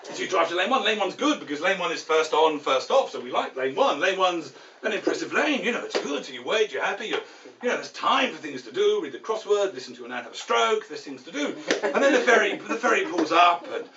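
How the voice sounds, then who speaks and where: A man's voice: sits high, very animated, a little fast, reverberant. A man doing a stand-up routine in a pub, rambling and mock-exasperated, often breaking off mid-sentence. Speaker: stand-up comedian. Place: pub function room. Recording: distant, dull, noisy live recording.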